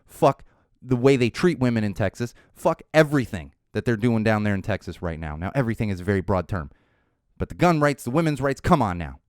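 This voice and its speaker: A man hosting a podcast, giving opinionated political commentary in an animated, ranting way and swearing freely. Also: on the low side, fairly quick, smooth, no echo, clean studio sound. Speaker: podcast host.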